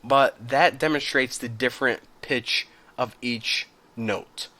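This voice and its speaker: A man hosting a casual screen-recorded software tutorial, relaxed and chatty, talking straight to his viewers and now and then clearing his throat. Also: mid-range voice, takes it slowly.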